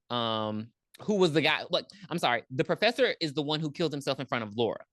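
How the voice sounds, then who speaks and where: A woman's voice: low voice, normal speed, few pauses, dry recording, clean studio sound. A woman co-hosting a podcast, recapping a movie in casual chat and acting out the characters with lots of ums. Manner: animated storytelling, acts out characters, frequent ums. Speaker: podcast co-host.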